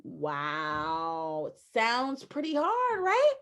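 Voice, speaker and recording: A woman teaching a phonics lesson to young children, sounding out letters slowly and emphatically, with repeated encouragement. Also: high voice, sing-song, fairly bright tone. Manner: encouraging, repeats phrases to the class. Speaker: kindergarten teacher.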